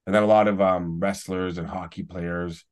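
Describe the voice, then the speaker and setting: Casual podcast guest, man in his forties, low voice, loose rambling storyteller. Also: fairly even intonation, moderate pace. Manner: rambling storyteller, restarts, chuckling asides. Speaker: podcast guest, celebrity YouTuber.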